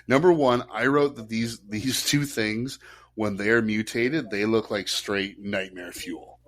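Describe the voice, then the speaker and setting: Man, podcast co-host, casual chat, animated delivery. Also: on the low side, a little slow. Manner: animated, laughs while retelling scenes.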